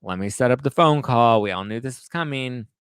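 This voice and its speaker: A man voicing a resigned female secretary in a gossipy retelling, exasperated and loud. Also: medium pitch, expressive, brisk, clear, resonant tone, no room sound, clean studio sound, close to an everyday voice. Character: weary woman secretary, knowing, resigned.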